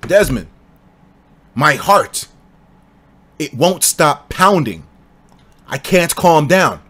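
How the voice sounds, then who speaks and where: A man's voice: on the high side, sing-song, drawn-out words, a bit bright, slightly rough, exaggerated voice. A man reading as a shy, obsessive schoolgirl. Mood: intense. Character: shy bookish young woman, obsessive.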